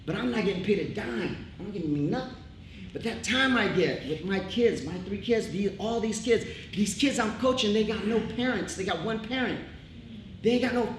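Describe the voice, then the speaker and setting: A man's voice: sits high, sharp tone. A middle-aged man giving a heartfelt, emphatic speech on a theatre stage, talking casually and repeating his points. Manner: emphatic, repetitive, casual street talk. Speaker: speaker at a tribute show. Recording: echoey hall, live crowd noise.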